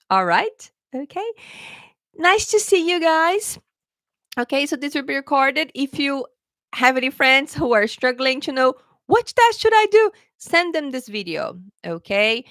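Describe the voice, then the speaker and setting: A woman's voice: a little high, a bit bright, no room sound. Chatty woman tutor, dry close sound. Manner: chatty, keeps adding "okay, guys". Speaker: English test tutor. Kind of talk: casual live Q&A lesson.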